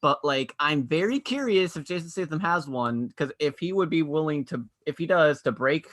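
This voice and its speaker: Bright-voiced man chatting about movies. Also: fairly high pitch, expressive, moderate pace. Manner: rambling, puts on silly voices and yells for jokes. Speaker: podcast co-host. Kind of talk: casual movie chat.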